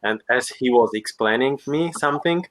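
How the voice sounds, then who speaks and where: A man who speaks English as a learner, chatting casually over a video call in a halting way, often restarting his sentences. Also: medium pitch, a bit bright. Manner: hesitant, halting, frequent restarts. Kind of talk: casual chat.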